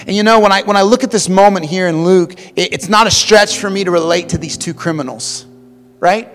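A male pastor preaching a sermon, swinging between loud passionate emphasis and hushed quiet stretches, often repeating words as he starts a phrase. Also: high-pitched, a little fast, long reverb tail, faint music behind.

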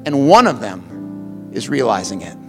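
A male pastor preaching a sermon, swinging between loud passionate emphasis and hushed quiet stretches, often repeating words as he starts a phrase. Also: mid-range voice, big pitch swings, normal speed, creaky, big-room sound, soft background music.

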